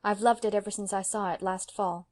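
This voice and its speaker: A woman voicing an earnest young college woman who speaks gently and hesitantly. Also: medium pitch, steady tone, a little fast, close to an everyday voice.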